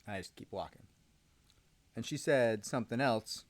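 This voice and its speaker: A man's voice: mid-range voice, moderate pace, no echo. A man who hosts a legal channel, telling a story casually with rambling, sarcastic asides and frequent ums. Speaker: lawyer host.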